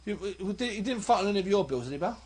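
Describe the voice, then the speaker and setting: A man's voice: sits high, animated, very fast, darkish tone, slight background noise. A man hosting a radio boxing show, chatty and emphatic as he reels off fight facts.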